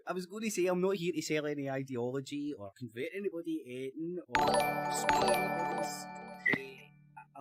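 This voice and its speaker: Scottish guy ranting on a live stream, bit high voice, dry close sound, keeps restarting his sentences and swearing. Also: no room sound. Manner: rambling, self-correcting, swears, laughs often. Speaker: panelist. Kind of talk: casual live-stream debate.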